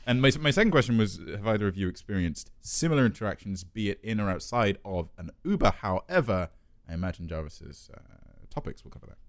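A man's voice: fairly low pitch, quick pace, no echo, studio quality. A young man from the UK co-hosting a chat show, telling self-mocking stories. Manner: self-mocking storyteller, animated. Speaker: podcast co-host. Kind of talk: casual chat.

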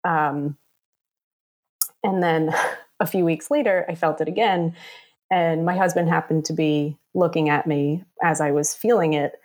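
A woman's voice: low-pitched, fairly even intonation, unhurried, darkish tone. A woman in her thirties telling a personal story in a casual, chatty way, with many fillers, acting out the voices of the people in it. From New York area. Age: 30s.

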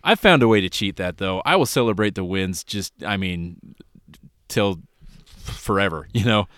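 A man's voice: deep voice, expressive, normal speed, a bit bright, dry recording, studio quality. A middle-aged man co-hosting a sports podcast, chatting in an easygoing, laid-back way and laughing often. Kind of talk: casual chat.

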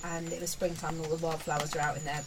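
A woman chatting casually outdoors, telling a story in an animated way with loud exasperated quoted outbursts. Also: deep voice, fast talker. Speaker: podcast co-host, outdoor worker. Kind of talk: casual chat. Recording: loud outdoor noise and birdsong.

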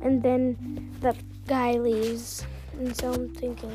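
A woman hosting a podcast, telling a personal story in a casual, rambling way with lots of "like" fillers, soft-spoken and sometimes slipping into a whisper. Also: fairly high pitch, little pitch movement, slow pace, music in the background. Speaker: podcast host.

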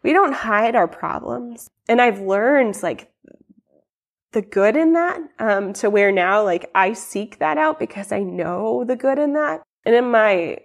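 A woman's voice: on the high side, expressive, measured pace, creaky. A young adult woman telling her personal story in a podcast interview, rambling with many fillers and restarts and acting out quoted lines. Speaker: guest sharing her testimony.

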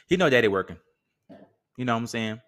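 A man's voice: mid-range voice, fairly bright tone. A man hosting a solo podcast in a casual, joking, slangy way. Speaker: podcast host.

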